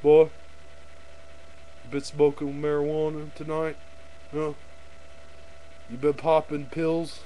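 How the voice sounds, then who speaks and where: A man's voice: fairly high pitch, level tone, takes it slowly, long pauses, mellow, low-quality recording. A man doing a bullying, barking traffic cop. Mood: interrogating. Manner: barking, interrogating, threatening. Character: bullying loud-mouthed male traffic cop. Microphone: webcam microphone.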